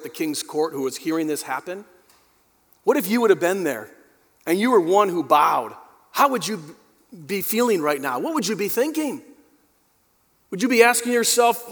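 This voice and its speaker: A male pastor delivering a dynamic sermon, addressing the congregation directly and swinging from quiet, low passages to emphatic peaks. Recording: long hall reverb.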